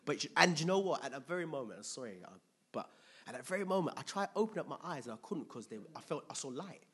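A man preaching a Bible teaching sermon, repeating key phrases and breaking into loud, excited exclamations, laughing as he digresses. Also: a little high. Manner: slow, repetitive, bursts into loud excited exclamations; laughs often, digresses into personal testimony.

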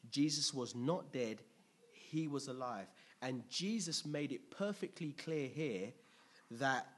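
With a husky, medium-pitched voice, a man gives an animated, conversational sermon and keeps asking his congregation questions.

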